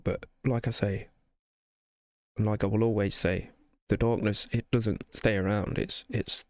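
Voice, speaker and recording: A man's voice: fairly low pitch, fairly even intonation, measured pace, darkish tone, no echo, studio quality. A man hosting a reaction video, earnest and encouraging, emotional after having cried. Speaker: reaction channel host. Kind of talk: heartfelt reaction video sign-off.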